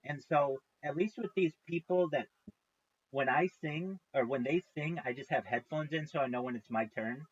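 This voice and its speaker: A man's voice: a little high, moderate pace, husky, dull audio. A man streaming live, chatting casually in a rambling way, with frequent restarts and free swearing.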